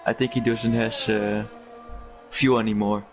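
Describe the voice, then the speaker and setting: A man co-commentating a racing league live, hesitant and full of filler pauses. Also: lowish voice, flat delivery, faint music behind.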